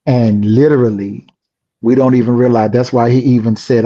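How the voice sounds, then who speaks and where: A man's voice: medium pitch, steady tone, moderate pace, dark tone, muffled recording. A man co-hosting a podcast, giving an earnest, sermon-like closing reflection. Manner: earnest, affirming, sermon-like wrap-up. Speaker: podcast co-host. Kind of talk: casual podcast talk.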